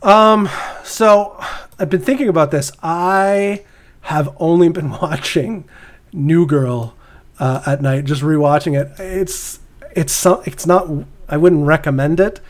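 A man's voice: fairly high pitch, takes it slowly. A young Canadian man co-hosting a casual podcast chat, rambling with many restarts. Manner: rambling, restarts and laughs often. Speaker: podcast co-host.

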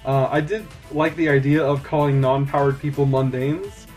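A man's voice: mid-range voice, steady tone, normal speed, darkish tone, faint music behind. A man narrating as game master of a tabletop role-playing game, rambling with many fillers and frequent laughter.

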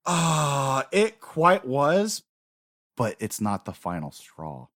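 A man's voice: mid-range voice, takes it slowly, no room sound. Guy gushing about an anime arc, cusses a lot, dead dry mic. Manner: excited, swears freely, acts out quotes. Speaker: podcast co-host. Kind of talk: casual anime recap chat.

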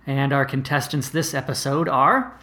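A man's voice: mid-range voice, steady tone, normal speed, bright, forceful tone. A man hosting a comedy podcast in a casual way, hesitating often with fillers. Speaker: podcast host.

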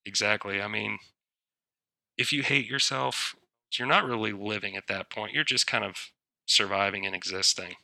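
Flat, gravelly-voiced male guest. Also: lowish voice, moderate pace, no room sound. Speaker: podcast guest. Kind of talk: casual interview chat.

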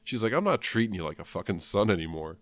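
A man's voice: lowish voice, sing-song, fast talker. A man in casual chat who swears often and laughs a lot.

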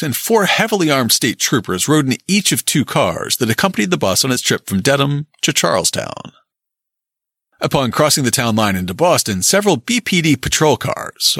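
A man's voice: mid-range voice, no echo, studio quality. A man narrating a scripted true-crime history and reading old newspaper accounts aloud. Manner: lively storytelling, quotes old newspaper accounts.

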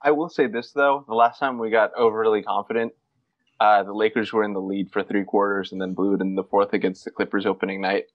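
A man's voice: lowish voice, flat delivery, a little fast, dry recording, muffled recording. A man co-hosting a casual sports podcast, rambling and joking with lots of fillers. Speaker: podcast co-host.

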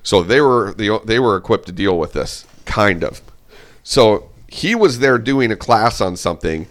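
A man from Minnesota telling his story as an interview guest, animated and swearing, acting out what others said in a raised voice. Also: lowish voice, a little slow.

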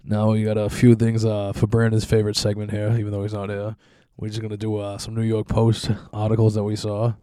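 A young man talks through a loose, profane podcast monologue in a fairly low, mellow voice. He rambles from one crude story to the next and keeps chuckling at his own jokes. The sound is dry and close, with no room around it. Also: monotone, fairly quick, hardly any pauses, clear, resonant tone, dry recording. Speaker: podcast host.

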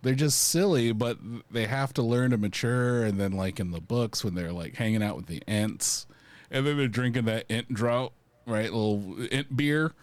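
A man's voice: medium pitch, moderate pace, dry recording. A man co-hosting a casual podcast chat, rambling and enthusiastic with lots of fillers.

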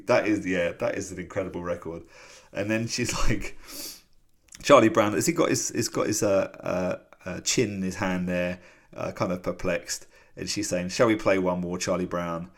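A man's voice: sits low, fairly even intonation, normal speed. A man co-hosting a podcast, chatting casually and rambling a little with fillers as he walks through comic strips. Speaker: podcast co-host. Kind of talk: casual chat.

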